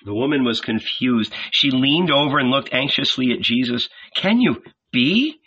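A man narrating an audiobook in a measured, expressive reading. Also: medium pitch, husky. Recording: lo-fi dull audio.

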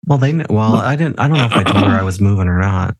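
Low gravelly man, tipsy podcast co-host. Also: lively intonation, fast talker. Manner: loose, swearing, laughs often. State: a little tipsy. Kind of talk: casual podcast chat. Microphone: remote call recording.

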